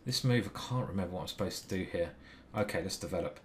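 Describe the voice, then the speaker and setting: A man's voice: deep voice, quick pace, slight background noise. A man streaming his own chess game, chatting and telling a story while he calls out his moves. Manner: chatty, breaks off mid-story to call moves. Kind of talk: live game commentary.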